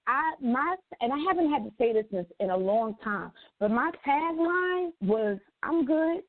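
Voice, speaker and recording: Blunt high-voiced woman talk-show host. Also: normal speed, no room sound. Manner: blunt and animated, swears freely. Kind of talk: casual radio talk show banter. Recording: dry tinny phone-like sound.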